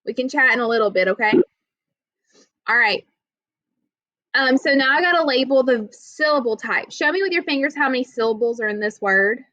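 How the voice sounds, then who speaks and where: A woman's voice: high voice, expressive, fairly quick, long pauses, pushed and bright, dry recording. A woman teaching children a reading lesson, explaining patiently step by step and checking in with "okay?". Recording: dull lo-fi audio.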